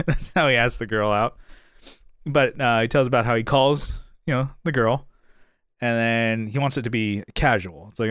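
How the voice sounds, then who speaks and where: A man's voice: mid-range voice, normal speed, dry recording, studio quality. A man co-hosting a podcast in casual chat, retelling stories and acting out the quotes in raised voices. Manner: animated storyteller, acts out quotes in raised voices. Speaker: podcast co-host.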